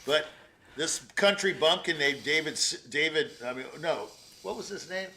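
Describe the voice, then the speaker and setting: Animated high-voiced older man critiquing. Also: normal speed, a little hiss or hum. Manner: rambling and animated, sings out phrases, laughs often. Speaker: competition juror giving feedback. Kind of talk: spoken critique of a performance.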